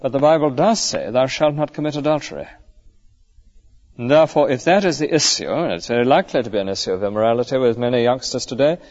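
A man's voice: mid-range voice, lively intonation, fast talker, darkish tone, highs cut off. A male clergyman giving an earnest, conversational sermon full of rhetorical questions.

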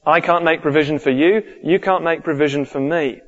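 A man's voice: a little high, brisk. A man preaching a sermon earnestly, repeating his key points. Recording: dull lo-fi recording with long hall reverb.

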